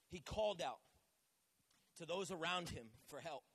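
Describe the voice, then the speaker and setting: A man's voice: a little high, animated, measured pace, long pauses, a bit bright, slight background noise. A male pastor preaching a sermon, joking and teasing himself and asking the church to answer back. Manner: jokey, self-teasing, calls for responses.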